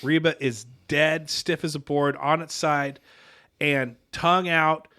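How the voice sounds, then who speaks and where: A man's voice: on the high side, fairly even intonation, slow, bright, forceful tone, smooth. A man in his forties, a podcast co-host, telling a long, rambling story in casual chat, correcting himself often and acting out quoted lines. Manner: rambling, self-correcting anecdote with quoted dialogue.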